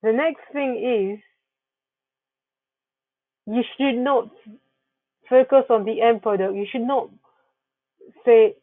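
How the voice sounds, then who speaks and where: A woman's voice: on the high side, takes it slowly, long pauses, no room sound. Woman talking through slides, earnest advice, restarts a lot, tinny phone-ish sound. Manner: earnest, advising, with frequent restarts. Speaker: wellness presenter. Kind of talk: narrated slideshow presentation.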